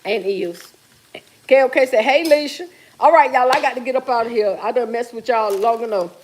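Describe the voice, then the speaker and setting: Casual kitchen livestream: a woman host with a somewhat high voice chats and teases viewers while she cooks. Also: brisk, slight background noise. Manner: chatty, teasing, reads viewer comments aloud. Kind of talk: casual chat with live viewers. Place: home kitchen while cooking.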